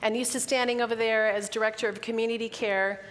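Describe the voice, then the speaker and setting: A woman's voice: fairly high pitch, little pitch movement, quick pace, a bit bright, a little hiss or hum. A middle-aged woman minister giving a candid, personal sermon, emotional and close to tears. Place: church sanctuary. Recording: long hall reverb.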